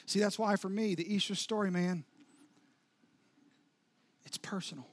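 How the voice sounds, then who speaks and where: High-voiced man preaching a dramatic sermon. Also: steady tone, measured pace. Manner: dramatic storytelling with sudden soft drops and rising intensity. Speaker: pastor.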